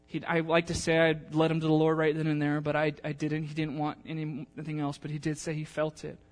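A man's voice: a little high, completely flat delivery, fast talker. A male pastor preaching a sermon, telling a personal story in a chatty, emotional way with many fillers, then reading scripture aloud.

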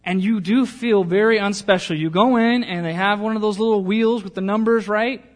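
This sermon comes from a man whose voice sits high and moves at a moderate pace. He shifts between a lighthearted, joking story and a gentler, sincere plea to the congregation.

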